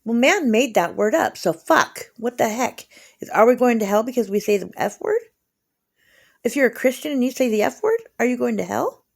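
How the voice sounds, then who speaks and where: A woman's voice: on the high side, sing-song, normal speed, gravelly. A woman in her forties rambling emotionally through a casual vlog monologue. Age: 40s.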